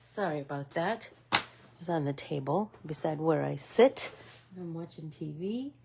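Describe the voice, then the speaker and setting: A middle-aged woman hosting a casual embroidery stitch-along livestream, chatting while she stitches and drifting into soft asides. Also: deep voice, animated, measured pace, gravelly, a little hiss or hum.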